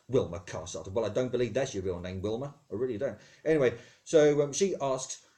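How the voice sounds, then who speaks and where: A man's voice: medium pitch, brisk, warm tone. A man playing a rambling posh British God. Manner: rambling, digressive, self-interrupting. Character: God, male, chatty and easily sidetracked. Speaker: comedy podcast host. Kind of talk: comedic character monologue answering listener questions.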